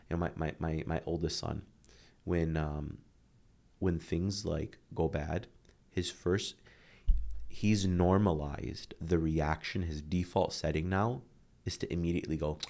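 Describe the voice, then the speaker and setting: 30s guy on a podcast, low raspy-ish fry voice, tells stories all earnest. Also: a little slow. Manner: earnest, animated storytelling with acted-out quotes. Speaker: guest, motivational speaker. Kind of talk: candid podcast conversation.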